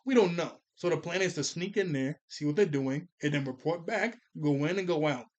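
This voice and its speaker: Male reviewer, slightly higher voice, loose rambling recap, a bit worn out. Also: brisk, a little mellow, highs cut off. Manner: rambling, self-correcting, acts out character lines in a raised voice. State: tired from recording all day. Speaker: show reviewer. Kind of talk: casual episode recap.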